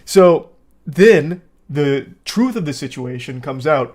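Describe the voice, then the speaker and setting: A man's voice: a little high, lively intonation, slow, darkish tone. A man hosting comedic commentary, reading out text messages with sarcastic, dry, mocking asides. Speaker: host.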